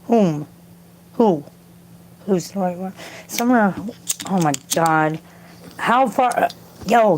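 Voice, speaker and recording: A woman's voice: lowish voice, slight background noise. Foul-mouthed woman chatting on a home livestream. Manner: profane, rambling, talks to chat and yells at her cat. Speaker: livestream host reading chat. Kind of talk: casual livestream chat. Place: home, indoors.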